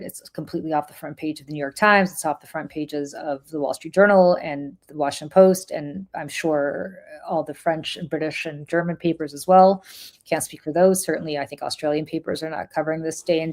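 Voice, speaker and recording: A woman from Russia with a Russian accent, co-hosting a casual political podcast and speaking in an impassioned, emphatic way with many restarts. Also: sits low. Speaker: podcast co-host. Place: New York City.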